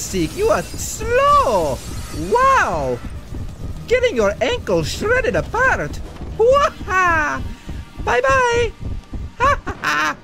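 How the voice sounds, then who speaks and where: A man's voice: extremely high pitch, voice pushed up, heavily acted. A man voicing a cheery, boastful cartoon plumber in sing-song squeals while commenting on a video game. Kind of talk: gaming commentary in character.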